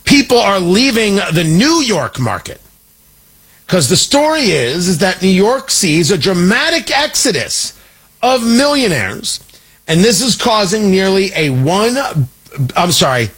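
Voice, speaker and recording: Husky, sarcastic talk radio host. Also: male voice, sits high, very animated, slow pace, a bit bright. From Midwest. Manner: sarcastic, riffing, breaks into mock voices. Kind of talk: opinionated political talk radio monologue.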